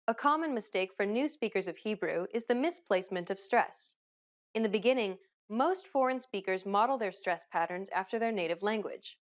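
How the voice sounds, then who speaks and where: A woman hosting a pronunciation lesson, giving upbeat, clearly enunciated scripted instructions. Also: medium pitch. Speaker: language teacher host.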